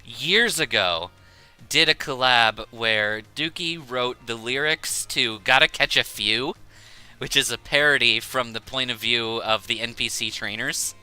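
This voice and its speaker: A man's voice: medium pitch, unhurried, bright, forceful tone, clear, resonant tone. A man streaming a game, chatting casually, rambling and laughing often. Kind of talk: casual chat while gaming.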